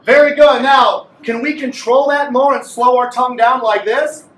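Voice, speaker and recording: High-voiced man coaching a clarinet class. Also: fairly even intonation, normal speed, noisy background. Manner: playful, coaching a class aloud. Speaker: music teacher. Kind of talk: group clarinet lesson. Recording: echoey room from far off.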